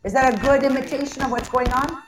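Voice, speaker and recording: A woman's voice: high-pitched, fast. A woman in her fifties from Montreal, chatting casually and teasing others on a live video call. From Montreal, Quebec. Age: 50s. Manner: teasing, joking, animated. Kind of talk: casual chat. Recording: noisy video call audio.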